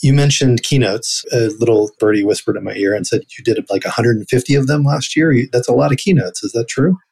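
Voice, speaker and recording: A man's voice: mid-range voice, fast talker, vocal fry, darkish tone, slightly rough. A man hosting an interview, affirming his guest's points and asking follow-up questions. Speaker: interviewer, host. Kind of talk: conversational interview.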